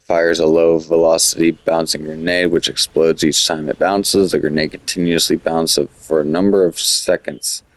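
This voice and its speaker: A man's voice: rumbling low, flat delivery, moderate pace, hardly any pauses, dry recording. A man giving casual, rambling gameplay commentary, full of fillers and restarts, with the hiccups. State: has the hiccups. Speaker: gaming commentator.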